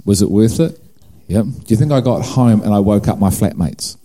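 Low, mellow New Zealand man preaching. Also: animated, normal speed. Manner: storytelling, acts out dialogue, self-mocking humor. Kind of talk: personal testimony sermon.

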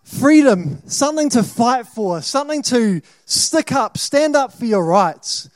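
A man's voice: extremely high pitch, animated, unhurried, no room sound. A man with a New Zealand accent preaching a sermon, questioning and dramatic, rising to emphatic bursts.

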